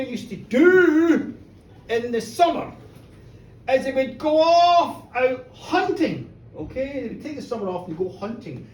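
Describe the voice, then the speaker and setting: A woman tells a folk tale live, chatty and playful, her high voice swooping up and down. She is recorded from a distance in an echoey pub with faint noise behind. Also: darkish tone. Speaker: storyteller. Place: pub storytelling show, indoors. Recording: roomy bar, distant mic, faint noise.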